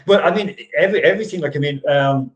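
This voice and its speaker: A man's voice: fairly high pitch, quick pace, lo-fi sound. A middle-aged man hosting a casual sports chat show, rambling with frequent restarts and easy laughter. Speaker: host.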